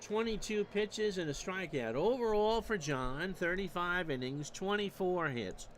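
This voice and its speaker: A man calling baseball play-by-play for a streamed replay, measured and stat-heavy with dry asides. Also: high-pitched, lively intonation, a little hiss or hum. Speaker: play-by-play announcer.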